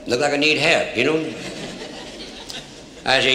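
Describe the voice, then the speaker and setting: A man's voice: medium pitch, fast talker, pauses often, bright, forceful tone, slight background noise. An older man with a Cajun accent, telling folksy stories on stage in a drawling dialect with broken grammar. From Louisiana. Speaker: storyteller. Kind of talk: live comedy storytelling. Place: stage before a live audience. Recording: roomy hall, faint audience ambience.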